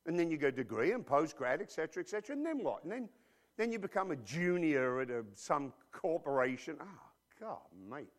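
A man preaches with a lively, swooping delivery, putting frequent rhetorical questions to his listeners. He is blunt and informal, dropping in slang. He presses his points hard, and his voice sits slightly high for a man. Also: a little fast. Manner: emphatic, with many rhetorical questions to the audience. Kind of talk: sermon.

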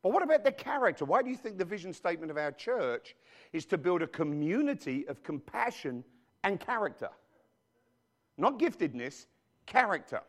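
Lively, animated preaching man. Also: a little high, moderate pace. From outside the United States. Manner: preachy call-and-response with the congregation. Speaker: pastor. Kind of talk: sermon. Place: church.

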